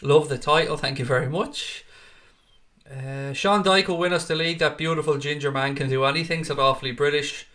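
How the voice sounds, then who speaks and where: A man's voice: fairly high pitch, fairly even intonation, fairly quick, pushed and bright. A young man hosting a live football stream from a home green-screen studio, greeting viewers by name and reading their comments aloud. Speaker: livestream host.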